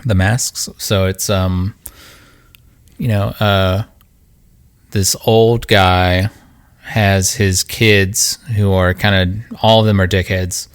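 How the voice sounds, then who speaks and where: A man hosting a casual podcast chat, speaking haltingly with many ums and uhs. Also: sits low, level tone, clear, resonant tone. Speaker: podcast host.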